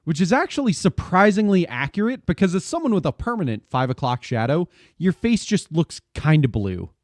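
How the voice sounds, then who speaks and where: A man's voice: fairly high pitch, very animated, brisk, no echo. A man streaming a game, joking and bantering playfully and laughing often. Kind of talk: casual let's-play banter.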